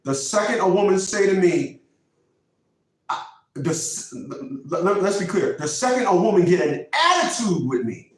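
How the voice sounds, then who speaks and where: A man in his fifties with a fairly high voice delivers a preachy, emphatic monologue, hammering his points by repeating them. He sits well back from the mic, and the room around him rings with heavy echo. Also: sing-song, normal speed. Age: 50s. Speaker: vlogger host. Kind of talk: casual monologue. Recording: very echoey room, mic far off.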